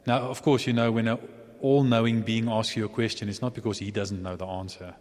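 A man preaching a sermon in a relaxed, chatty way, often restarting and chuckling. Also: on the low side, fairly quick. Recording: long hall reverb.

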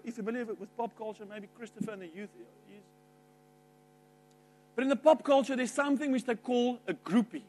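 A middle-aged man preaching a sermon, emphatic, jumping from loud outbursts to quiet asides. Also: very high-pitched. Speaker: pastor.

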